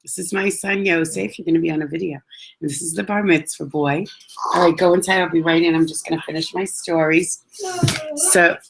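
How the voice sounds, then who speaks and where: A woman casually telling a personal story in an animated, chatty way, dropping in Hebrew religious words. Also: fairly low pitch, creaky, background noise.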